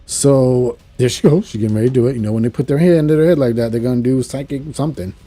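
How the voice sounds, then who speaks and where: Mellow, husky-voiced man recapping a show. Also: mid-range voice, fast. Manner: chatty, retells scenes, acts out quotes. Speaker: show reviewer. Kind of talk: casual recap review.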